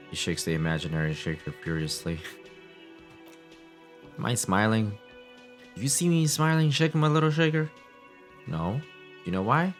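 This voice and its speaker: A man's voice: sits low, natural voice. A man voicing an irritable, sarcastic cafeteria manager while reading game dialogue aloud. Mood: indignant. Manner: testy, sarcastic, put-upon. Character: irritable middle-aged male cafeteria manager.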